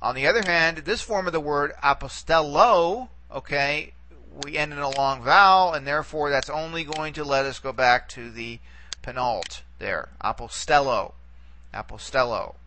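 A man with a bright, forceful voice teaches a recorded lesson, walking through each point patiently and pausing to check in with the listener. A faint hum of room ambience sits behind him. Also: a little high. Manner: patient, explains step by step with frequent "okay" and "all right".

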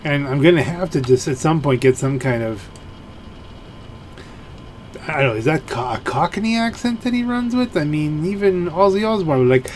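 A man's voice: on the high side, expressive, normal speed, a little hiss or hum. A man giving let's play commentary in a rambling, musing way, full of fillers and restarts. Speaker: gameplay commentator.

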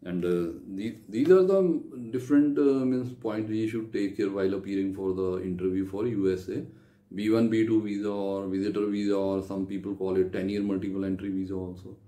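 A man's voice: low-pitched, fairly even intonation, a little fast, mellow, roomy sound. A man giving visa interview advice, talking with many fillers and restarts. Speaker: visa advice video host. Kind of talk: unscripted advice talk to camera.

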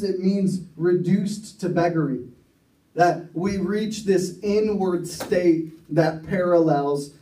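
A man's voice: a little high, warm tone. A man preaching a sermon at a recovery ministry, telling a story earnestly and often restarting his sentences. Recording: echoey room, mic far off.

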